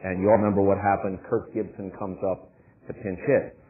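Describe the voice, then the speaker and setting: A male sportscaster on a panel, telling anecdotes in a measured way that builds suspense. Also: sits low, level tone. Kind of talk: storytelling anecdotes at a forum. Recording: tinny phone-like sound.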